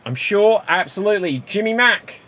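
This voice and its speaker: A man's voice: high voice, expressive, moderate pace, sharp tone. A man hosting an improv comedy game, upbeat and calling on players by name. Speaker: improv host.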